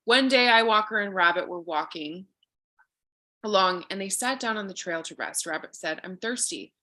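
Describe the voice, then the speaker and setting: A woman's voice: mid-range voice, normal speed, sharp tone. A woman guest reading a spiritual card story aloud and chatting in an earnest, reflective way.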